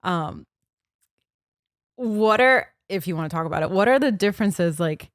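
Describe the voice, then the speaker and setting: A woman's voice: medium pitch, lively intonation, moderate pace, no room sound, clean studio sound. A woman hosting a casual talk show, asking curious questions and laughing easily. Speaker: podcast host. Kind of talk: casual podcast chat.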